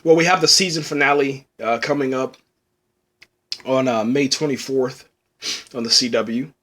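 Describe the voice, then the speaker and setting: A man of medium pitch and moderate pace, his voice a bit bright, gives a casual, rambling review of a TV episode. He repeats "man" a lot and restarts, tearing up and choking up along the way.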